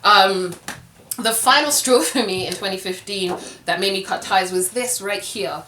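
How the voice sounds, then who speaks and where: A woman's voice: medium pitch, moderate pace, bright, forceful tone, reverberant, slight background noise. A young woman vlogging, telling a personal story to camera in a candid, conversational way, with plenty of filler words.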